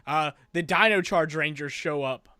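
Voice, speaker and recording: Bright-voiced man in casual chat. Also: on the high side, clean tone, no room sound, studio quality. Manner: excitable, quick back-and-forth banter. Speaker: co-host of a fan review podcast.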